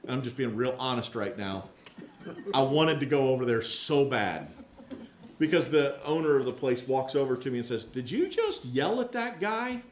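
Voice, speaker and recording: A pastor speaks to his congregation in a relaxed, storytelling way, frank about his own faults and quick to act out the people in his stories. His voice sits in a middle register and carries the echo of a large hall. A faint noise hums underneath. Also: medium pitch. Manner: candid, self-mocking storyteller who acts out quoted voices. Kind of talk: conversational sermon with personal stories. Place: large rented hall used for church services.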